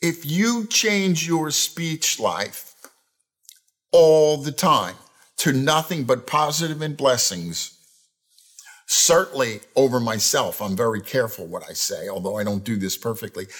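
A man's voice: medium pitch, measured pace. A middle-aged man preaching a sermon, telling stories and acting out the phrases people say. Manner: animated storytelling, acts out quoted phrases. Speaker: pastor.

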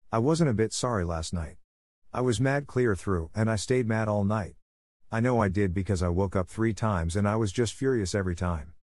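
A man's voice: fairly low pitch, a little mellow, no echo, studio quality, close to an everyday voice. A man voicing an imaginative, talkative young orphan girl in a storybook reading, speaking in a dramatic, effusive and earnest way.

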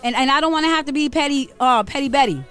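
A woman's voice: high voice, fast, fairly bright tone, faint music behind. A woman in her forties from Rhode Island, co-hosting a morning radio show in blunt, preachy, fiery casual talk. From Rhode Island, USA. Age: 40s. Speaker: radio co-host.

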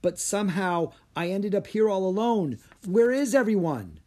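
A man reading aloud and voicing an earnest, excitable young boy who pleads urgently. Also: fairly high pitch, normal speed, pitched above the performer's own voice, lightly acted. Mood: pleading.

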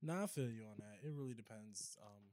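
A man co-hosting a podcast who asks quick either-or questions, laughing and teasing in casual chat. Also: on the low side, crowd noise. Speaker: podcast co-host asking questions.

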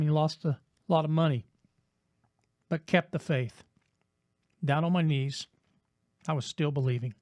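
A man preaching a broadcast sermon, with rhythmic repetition, dramatic pauses and swings between loud and hushed delivery. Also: fairly high pitch, no echo, clean studio sound. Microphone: broadcast mic.

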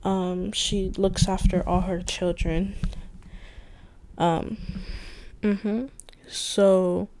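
Speaking very slowly with frequent pauses, a young woman hosts a solo podcast in a flat, mellow, mid-range voice. It's a late-night venting monologue, rambling and candid, heavy on slang and swearing.

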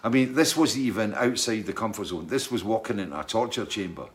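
A man in middle age talks casually, reading out questions and drifting into long stories. He speaks a little lower than most men. He often stops and restarts his sentences. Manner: rambling, halting, full of restarts and asides. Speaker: singer answering viewer questions. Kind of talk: casual chat, storytelling.

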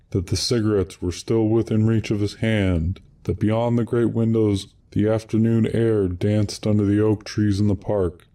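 A man narrating short stories in a steady, unhurried reading voice. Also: on the low side.

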